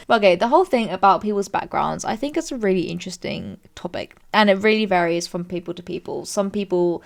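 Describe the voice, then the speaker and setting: Young British woman streamer, casual chatty read-and-react delivery, lively pitch jumps. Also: normal speed, creaky. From Britain. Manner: chatty, animated, jumps into high squeals when amused. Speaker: streamer reading and judging online stories. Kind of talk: casual commentary reading posts aloud.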